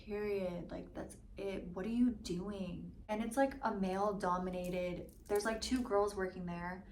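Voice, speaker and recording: A woman in her twenties ranting casually in a storytime vlog, full of "like" and swearing, mimicking other people in quick asides. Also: medium pitch, steady tone, a little mellow, a little hiss or hum. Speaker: vlogger. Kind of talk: mukbang storytime rant. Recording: slightly echoey room with faint ambience.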